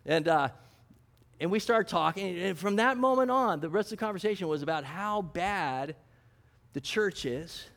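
A man's voice: high-pitched, expressive, normal speed, gravelly, fairly bright tone. A man, a pastor, giving a conversational sermon, asking rhetorical questions and telling stories with a chuckle. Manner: asks rhetorical questions and answers them; storytelling, chuckling, self-deprecating.

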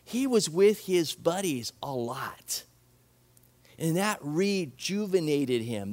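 A man with a high voice for his sex preaches a sermon to his congregation. He talks in an earnest, conversational way, leaning on repetition to drive points home. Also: very animated, slow pace, darkish tone. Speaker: pastor.

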